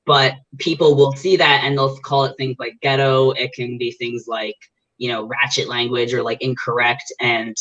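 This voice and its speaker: Guest, bright edge, thinks aloud in long runs, lo-fi call audio. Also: medium pitch. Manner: thoughtful, explains at length with restarts. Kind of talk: casual interview chat.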